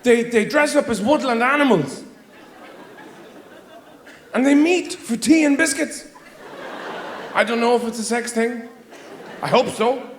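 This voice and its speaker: A man's voice: extremely high pitch, unhurried, pauses often, reverberant, some chatter behind, a little hiss or hum. An Irish man from Ireland doing a stand-up routine on a theater stage, rambling with sardonic, mock-exasperated asides. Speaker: stand-up comedian.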